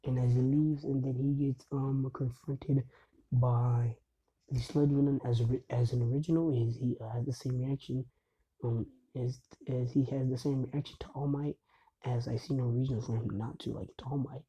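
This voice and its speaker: A man's voice: medium pitch, fairly even intonation, moderate pace, warm tone, slightly rough, lo-fi sound. A young man casually retelling a fan story in a rambling way, full of fillers and "he's like".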